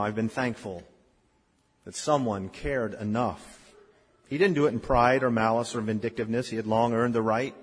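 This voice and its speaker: A man in his fifties preaching a sermon, telling stories and swinging between loud emphasis and hushed, quiet lines. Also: on the low side, husky. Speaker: pastor. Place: church sanctuary. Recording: long reverb of a church hall.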